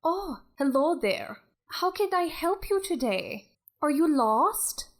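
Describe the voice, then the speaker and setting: A woman playing a Scottish shipboard bookworm, courteous, slow, high voice, quick to suspicion. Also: very animated, full character voice. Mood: polite. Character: polite, prickly young woman reading aboard a ship.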